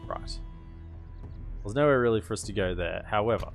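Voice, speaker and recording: A man's voice: on the low side, animated, normal speed, creaky. Rambling man commentating a strategy game. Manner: rambling, self-amused, thinking aloud. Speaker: gaming streamer. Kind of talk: casual gameplay commentary. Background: game music.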